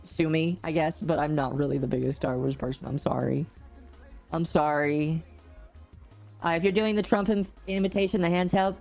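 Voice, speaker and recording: A woman's voice: sits low, moderate pace, creaky, a little mellow, faint music behind. A woman streamer chatting casually with her viewers, rambling and often correcting herself. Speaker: gaming streamer. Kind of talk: casual livestream chat.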